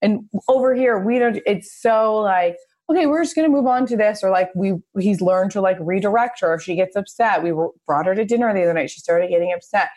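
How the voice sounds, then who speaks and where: A woman podcast host who tells a family story in a chatty, lively way with quick asides. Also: mid-range voice. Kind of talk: casual podcast conversation.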